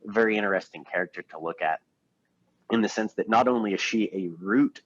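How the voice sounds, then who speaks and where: A man's voice: on the low side, brisk, dry recording. A man co-hosting a podcast, talking through a film in a loose, meandering way with lots of fillers. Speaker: podcast co-host. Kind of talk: casual film discussion. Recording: dull, lo-fi podcast audio.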